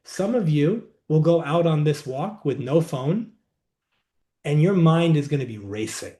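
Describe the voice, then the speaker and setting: A man as a podcast guest, calmly explaining a wellness practice in a reflective, conversational way, seated indoors. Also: on the high side. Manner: reflective, unhurried, says "like" often. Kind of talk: conversational interview, teaching.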